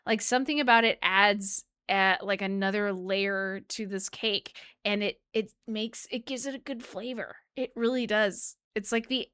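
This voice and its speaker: A woman's voice: mid-range voice, fairly even intonation, unhurried, hardly any pauses, fairly bright tone, smooth, no echo. Chatty woman reacting to music. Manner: chatty and enthusiastic, hums out rhythms. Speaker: music reaction YouTuber and flutist. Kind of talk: casual music reaction commentary. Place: at home. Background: faint music playing.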